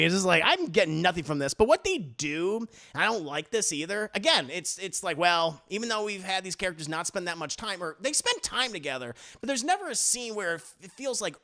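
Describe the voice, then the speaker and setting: A man giving a casual, profane movie review on a live stream, animated and slipping into mock voices for the characters. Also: on the high side, a little fast, creaky. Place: home streaming setup. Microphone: desk mic on a live stream.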